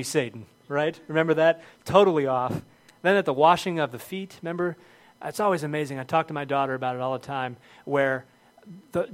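Earnest middle-aged male pastor preaching. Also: on the high side. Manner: earnest, conversational preaching with rising emphasis. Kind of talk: sermon.

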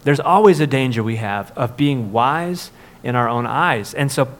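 A man's voice: mid-range voice, lively intonation, normal speed. Man preaching a conversational sermon. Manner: conversational preaching with filler words and restarts, rising emphasis on key points. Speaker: pastor.

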